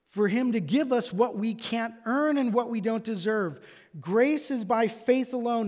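A male pastor with a strikingly high voice delivers an emphatic sermon, pressing his point with repeated rhetorical questions. His voice rings with the long reverb of a large church hall.

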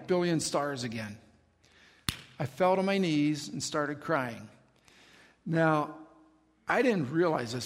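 Male pastor, earnest testimony sermon, gravelly tone, reverberant church hall. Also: fairly high pitch.

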